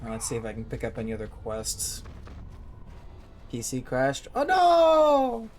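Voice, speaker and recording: A young man streaming a video game, chatting casually, joking and bursting out excitedly. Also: fairly low pitch, normal speed. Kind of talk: casual let's-play commentary.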